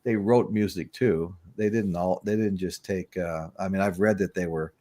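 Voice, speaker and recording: A man's voice: deep voice, fairly even intonation, moderate pace, dark tone. Man, sixties, livestream host, casual chat, rambling, chuckling. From United States. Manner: rambling storyteller, chuckling, greets chat viewers.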